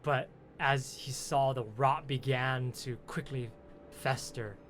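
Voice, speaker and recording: A man's voice: mid-range voice, steady tone, a bit bright, faint music behind. Man narrating a tabletop game. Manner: halting, restarting descriptive narration. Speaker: game master.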